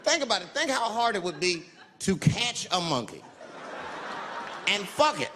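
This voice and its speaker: A male stand-up comedian telling a profane story in an animated way, acting out the people in it, recorded live with audience laughter. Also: high voice, moderate pace, a little hiss or hum. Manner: profane, animated, acts out characters. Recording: live in a reverberant hall with crowd laughter.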